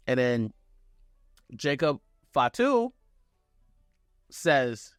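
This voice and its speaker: An excited young man recaps a wrestling show in a loose, casual way, jumping into quoted lines with swearing. His voice sounds dry and close, with faint music behind him. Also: medium pitch, slow, long pauses, no echo.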